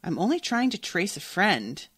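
A woman's voice: fairly low pitch, very animated, moderate pace, a bit bright, husky, dry recording, studio quality, exaggerated voice. A woman reading aloud as a polite but persistent young woman. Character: determined young woman student.

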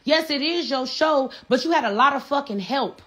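A woman's voice: high-pitched, animated, moderate pace, fairly bright tone. A woman, a reality show cast member, ranting on a livestream in a blunt, profane way and repeating herself. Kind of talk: heated livestream rant.

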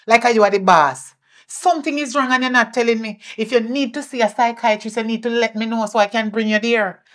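A woman with a Jamaican accent playing a fierce mother who scolds her daughter, swinging between shouting and muttering. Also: a little high, fairly even intonation, brisk, lightly acted. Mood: scolding. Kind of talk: indie film acting.

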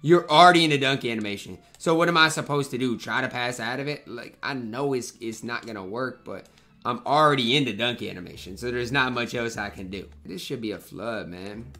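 A man's voice: medium pitch, a little fast, pushed and bright, soft background music. A young man, commenting live on his own basketball video game match, slangy and frustrated, trash-talking his teammates and opponent. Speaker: gaming YouTuber.

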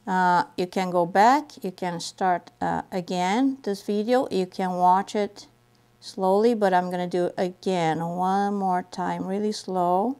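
Slow, patient woman teaching knitting. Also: on the low side, darkish tone, clear, resonant tone. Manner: patient, repeats steps slowly while demonstrating. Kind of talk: step-by-step craft tutorial.

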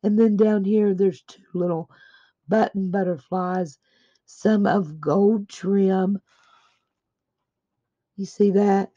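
A woman's voice: mid-range voice, steady tone, takes it slowly, long pauses, warm tone, muffled recording. A woman at her home craft desk, opening a craft swap package and gushing to her viewers. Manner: gushing, exclamatory, addresses viewers as guys. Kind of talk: casual unboxing chat.

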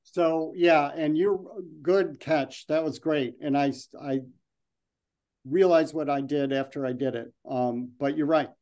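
Guy presenting slides then doing q&a, mellow warm voice, lots of ums. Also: on the high side, steady tone, measured pace. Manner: loose, restarting, with many ums.

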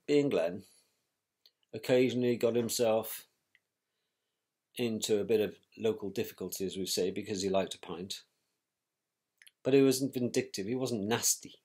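A middle-aged man, recalling a painful family event in a measured, reflective way with pauses and restarts. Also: medium pitch, darkish tone. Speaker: interviewee, victim's brother. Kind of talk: personal recollection.

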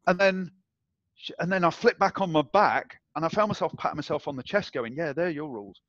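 A man being interviewed, telling a personal story in a casual, animated way and acting out the voices of others. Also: sits high, fairly quick, no echo. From England. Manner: animated, acts out quoted voices, swears and laughs. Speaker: interview guest. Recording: dull, dry audio.

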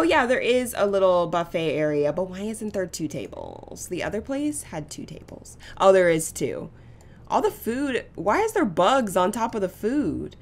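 A woman giving casual gameplay commentary as a channel host, chatty and gushing with excitement. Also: a little high. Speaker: gaming YouTuber.

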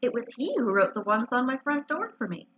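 A woman's voice: a little high, sing-song, a little fast, fairly bright tone. A woman voicing a pompous, self-important male owl who loves long words, in a storybook reading on a dull lo-fi recording. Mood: chatty.

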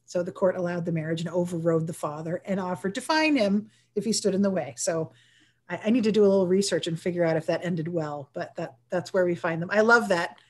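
A woman's voice: lowish voice, fairly quick. Chatty woman historian presenter. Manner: chatty, enthusiastic, with laughs. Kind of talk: virtual history talk.

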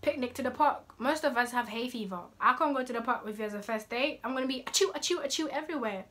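A woman's voice: on the high side, fast talker, a bit bright, a little hiss or hum. A young woman, giving sassy, scolding dating advice in a casual vlog. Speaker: vlogger.

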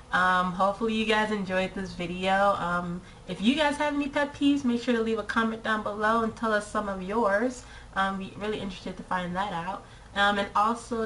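A young woman vlogging casually to camera in an animated, exasperated way. She fills her sentences with "like" and fires off rhetorical questions, in a voice of medium pitch. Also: a little hiss or hum, poor audio. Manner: frequent "like" fillers.

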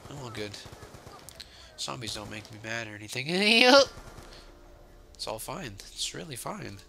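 A young man giving casual, joking commentary while playing a zombie video game, sarcastic and swinging between mumbled asides and sudden yells. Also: medium pitch, sing-song, unhurried, vocal fry. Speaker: gaming channel host.

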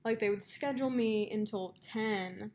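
A woman's voice: medium pitch, unhurried, darkish tone. Chatty young woman telling stories. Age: young adult. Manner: chatty storyteller, many fillers and likes. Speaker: podcast co-host. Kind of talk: casual chat.

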